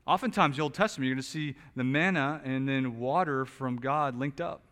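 A pastor preaches an expository sermon in a medium-pitched, fairly quick voice. His conversational talk has small restarts, building to loud, emphatic peaks before dropping back quiet.

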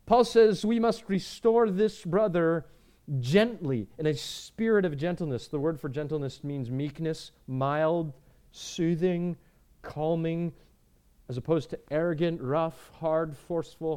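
A man preaching a sermon, earnest, repeating words and moving between emphatic lines and quiet ones. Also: fairly high pitch, measured pace, clean tone. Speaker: pastor.

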